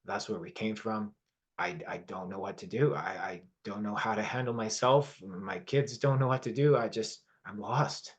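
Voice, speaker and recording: A man voicing a grieving father who stammers quietly and haltingly in a spoken story. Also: lowish voice, steady tone, natural voice. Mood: distraught. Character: lost, grieving young father.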